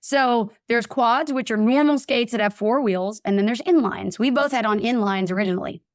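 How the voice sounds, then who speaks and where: A woman's voice: a little high, moderate pace, no room sound, studio quality. A woman guest telling a personal story in a casual interview, acting out the voices of people in it. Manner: animated, acts out voices in her anecdotes. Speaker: podcast guest.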